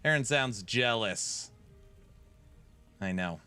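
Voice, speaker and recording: A man's voice: fairly low pitch, expressive, slow, sharp tone, clean tone, faint music behind. A man in his thirties streaming a game live, chatting and teasing in joking banter while he plays. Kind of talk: live gaming stream chat.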